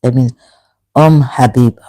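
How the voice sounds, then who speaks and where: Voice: medium pitch, fairly even intonation, unhurried, warm tone, no room sound, rough recording. A speaker giving an emotional, rambling monologue commentary with many restarts. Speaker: religion critic.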